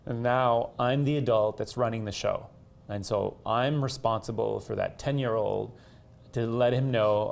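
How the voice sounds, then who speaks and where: A man whose first language is French, speaking haltingly with many restarts as he reflects in a conversation with his partner. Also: medium pitch, gravelly. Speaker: co-host.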